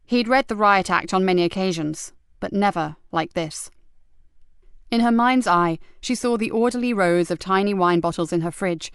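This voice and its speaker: A woman narrating an audiobook mystery in a measured, even storytelling manner. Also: medium pitch, clear, resonant tone, no room sound, clean studio sound. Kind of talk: scripted narration.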